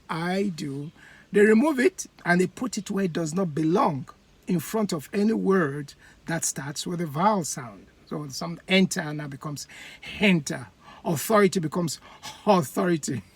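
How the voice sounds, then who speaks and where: A host from Edo State in Nigeria, speaking, giving a laughing commentary monologue with comic examples and halting fillers. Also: medium pitch, slightly rough, no echo. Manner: animated, laughing, acts out voices.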